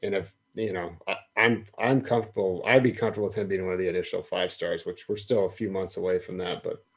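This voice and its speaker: A man hosts a casual sports podcast in an easygoing way, steering the chat with loose questions. His voice sits a little low. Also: steady tone, quick pace. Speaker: podcast host.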